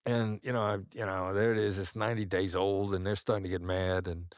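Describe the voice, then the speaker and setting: A man as a guest on an interview podcast, telling measured anecdotes and acting out the voices he quotes. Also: deep voice, flat delivery, dry recording, studio quality. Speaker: guest, negotiation expert.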